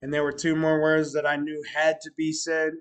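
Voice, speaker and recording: A middle-aged man casually telling stories about his new bar, animated, swearing now and then, swinging from loud bursts to low mutters. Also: moderate pace, low-quality recording. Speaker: bar owner vlogger. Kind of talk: casual storytelling vlog.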